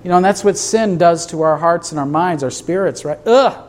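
A man's voice: fairly high pitch, brisk, a little mellow. A man preaching a sermon to a congregation in a church, emphatic, asking rhetorical questions. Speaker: pastor.

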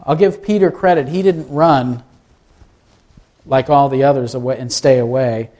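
A man's voice: mid-range voice, moderate pace, mellow. A man preaching a sermon in a conversational way, asking his listeners rhetorical questions. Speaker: pastor.

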